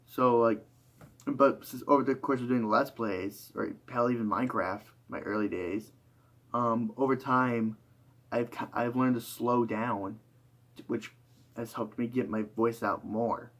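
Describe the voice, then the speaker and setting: A man's voice: medium pitch, fairly even intonation, measured pace. Tired young man, rambling. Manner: rambling with many fillers and restarts. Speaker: YouTuber. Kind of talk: reflective casual monologue.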